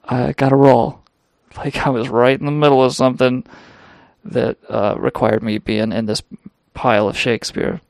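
Gravelly man telling crude rambling stories. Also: mid-range voice, normal speed, no echo, studio quality. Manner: rambling, crude, profane and self-mocking. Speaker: podcast host. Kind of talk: casual comedic storytelling monologue.

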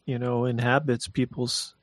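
A man's voice: mid-range voice, level tone, unhurried, dry recording. Wry male podcast co-host, dry sound. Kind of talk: casual chat.

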